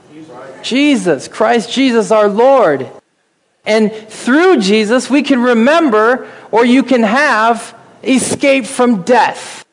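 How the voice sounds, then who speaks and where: A man's voice: very high voice, long reverb tail. A man preaching a sermon, emphatic and asking his listeners questions.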